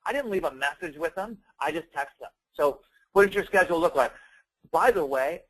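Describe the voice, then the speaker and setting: A man's voice: a little high, lively intonation, fairly quick, fairly bright tone, poor audio. A man giving a casual sales training talk, chatty and emphatic, with plenty of fillers. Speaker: network marketing trainer.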